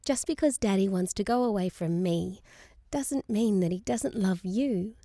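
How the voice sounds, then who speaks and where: Woman voicing a gentle loving young mother. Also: medium pitch, unhurried, no echo, studio quality. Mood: tender. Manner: gentle, soothing.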